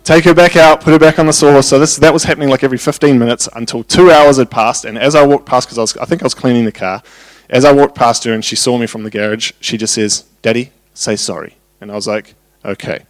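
A man gives a sermon built on anecdotes about home life. His voice sits at an ordinary middle pitch. He turns animated when he acts out the scenes. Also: fast talker, no room sound. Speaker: preacher. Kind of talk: sermon with personal stories.

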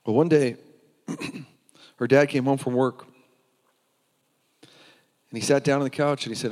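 A man's voice: medium pitch, fairly even intonation, moderate pace, pauses often, a little mellow. A man preaching a sermon in a church, telling a story earnestly and often restarting his words. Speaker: pastor. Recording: long hall reverb.

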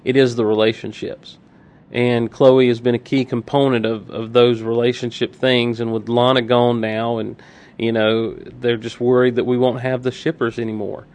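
A man of middle pitch co-hosting a podcast in loose, casual chat. He puts on a dry, sarcastic tone and stretches out lines of mock enthusiasm. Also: level tone, normal speed, a little mellow. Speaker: podcast co-host.

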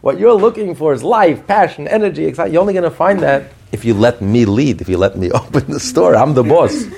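A man's voice: on the high side, lively intonation, a little fast, gravelly, a little mellow, breathy edge, pitched above the performer's own voice, heavily acted. A man voicing the godly soul as a commanding spirit, speaking emphatically and insistently in a raised voice.

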